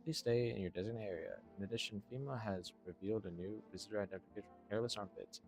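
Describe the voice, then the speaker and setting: A man reading as a mock television news anchor in a quiet, hurried way. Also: on the low side, soft background music, lightly acted. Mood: dry. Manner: quiet, hurried, mocking read.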